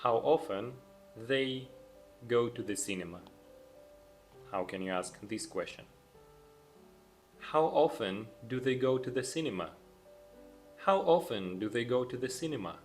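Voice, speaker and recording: A young man teaching English grammar, saying each example sentence slowly and then repeating it, calm and patient. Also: medium pitch, soft background music. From Russia. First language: Russian. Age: young adult. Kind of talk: slow, deliberate language lesson.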